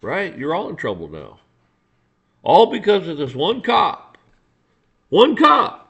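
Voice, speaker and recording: A man's voice: a little high, huge pitch swings, measured pace, breathy edge. Blunt, profane man ranting. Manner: blunt, profane and repetitive, with stammered restarts; acts out dialogue with officials. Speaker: podcast host. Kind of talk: casual ranting monologue.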